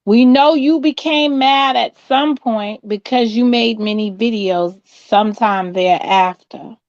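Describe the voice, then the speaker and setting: A woman hosting a panel who speaks in a measured way and asks pointed questions. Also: a little high, dry recording, dull audio. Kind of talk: slow deliberate panel talk.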